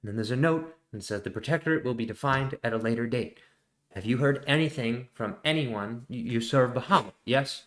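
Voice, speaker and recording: A man voicing a flustered male cleric messenger in a tabletop game, hesitant and halting. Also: mid-range voice, a bit bright, close to an everyday voice. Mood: questioning. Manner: hesitant, stumbling over words.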